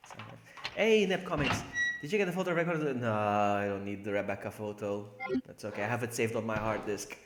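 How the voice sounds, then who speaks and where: A man's voice: on the low side, fairly quick, faint music behind. A man live-streaming a video game, joking with chat and laughing often. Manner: joking, excitable, laughs a lot. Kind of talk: live gameplay commentary. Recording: echoey room with faint noise.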